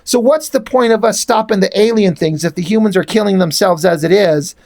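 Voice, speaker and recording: A weary male warrior who questions the point of the fight in a flat, musing way, as a man recapping a comic puts him on. The delivery stays close to the man's everyday talking voice. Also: high-pitched, fairly quick, gravelly. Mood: doubtful.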